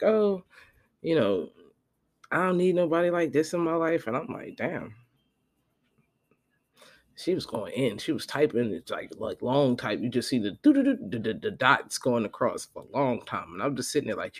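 A podcast host telling a profane, animated story in a casual monologue, quoting the people in it. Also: male voice, medium pitch, normal speed, slightly rough. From Florida.

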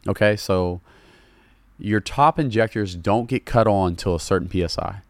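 Low-voiced laid-back Southern man. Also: moderate pace, no echo. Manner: laid-back, loose, calls people bro. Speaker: podcast guest. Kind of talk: casual chat.

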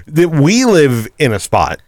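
A man's voice: fairly high pitch, huge pitch swings, a little slow, a little mellow, dry recording, studio quality. A man co-hosting a casual podcast chat, easygoing and agreeable, swearing now and then. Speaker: podcast co-host. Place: room near Woodbridge, Virginia.

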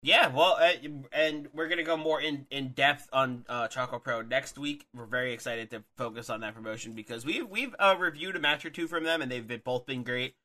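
A man's voice: mid-range voice, brisk, few pauses, bright, forceful tone. A man co-hosting a podcast, chatting loosely and upbeat, with frequent restarts. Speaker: podcast co-host. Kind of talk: casual podcast chat.

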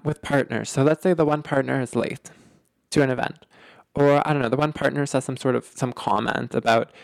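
A relationship podcast host talking in a loose, conversational way, often circling back with fillers and repeated phrases. The voice sits at a mid pitch and is recorded close and dry, with no room sound. The delivery jumps up in pitch for emphasis. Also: creaky, no echo. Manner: animated, emphatic, lots of filler words and repetition. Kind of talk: casual explanatory talk.

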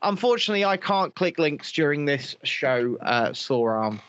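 A man's voice: on the high side, very animated, moderate pace, a bit bright, lo-fi sound, slight background noise. A man hosting a casual comedic chat show, profane and mocking, rambling with many restarts. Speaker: show host.

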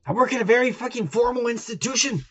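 A man co-hosting a casual podcast, tipsy on beer, loud and profane as he reads out comments. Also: extremely high pitch, fast, lo-fi sound. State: drinking beer. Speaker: podcast co-host. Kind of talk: drunk casual banter reading comments.

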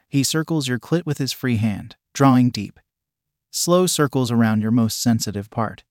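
A man's voice: mid-range voice, moderate pace, no echo, studio quality. Man narrating an intimate adult story. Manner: soft, intimate storytelling addressed to the listener. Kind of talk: second-person adult audio story narration.

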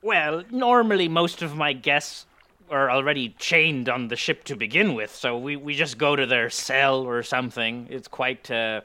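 A man's voice: mid-range voice, normal speed, bright, forceful tone, natural voice. A man playing a proud, easily startled pirate captain in an improvised comedy, blustery and stammering. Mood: grumbling. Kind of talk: improvised comedy role-play.

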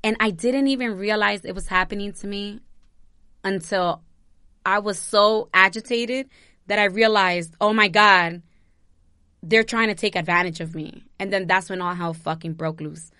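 Impassioned, bright-voiced young woman vlogger. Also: mid-range voice, normal speed, clean tone, no room sound, clean studio sound. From New Jersey, USA. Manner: impassioned, swearing, talks in circles. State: close to tears. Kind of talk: emotional personal commentary.

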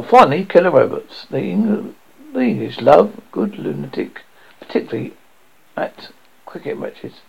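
A man's voice: fairly high pitch, vocal fry, breathy edge. A man reading a story aloud, stumbling and restarting now and then. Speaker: audiobook reader. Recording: dull lo-fi audio.

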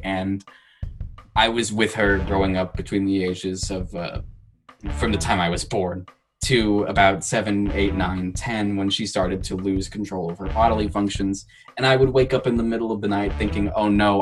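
A young man, a podcast guest, telling personal stories in casual chat, reflective and earnest, with bursts of animated laughter. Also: on the low side, rough recording.

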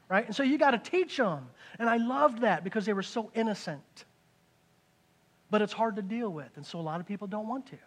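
A man preaching a conversational sermon, dropping into hushed asides and rising into loud excited bursts. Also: high-pitched, fairly quick, slightly rough. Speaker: pastor.

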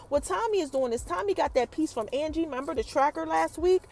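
A woman with a high voice hosts a podcast and recaps a TV episode. She talks directly to her listeners in a loose, conversational way. Her pitch swings widely as she tells the story. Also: expressive, warm tone. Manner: chatty, addresses listeners directly, retells scenes in quick asides. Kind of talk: casual recap monologue.

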